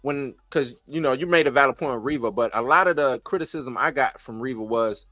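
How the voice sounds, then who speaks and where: A man's voice: mid-range voice, fairly quick, sharp tone, dry recording, faint music behind. A man talking as a guest in a casual chat, asking questions and arguing his point.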